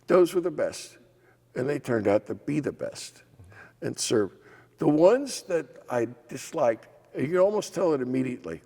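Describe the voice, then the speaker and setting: An older man, a former legislator and state official, telling anecdotes in an oral history interview with a gravelly voice. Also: on the high side, moderate pace. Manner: animated anecdotes with acted quotes and laughs. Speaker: former legislator and assistant insurance commissioner. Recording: hall reverb.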